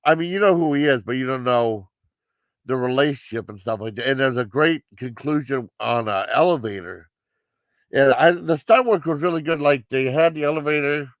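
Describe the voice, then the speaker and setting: A man's voice: mid-range voice, normal speed, no echo. A man giving a casual live movie review, rambling with many fillers and restarts.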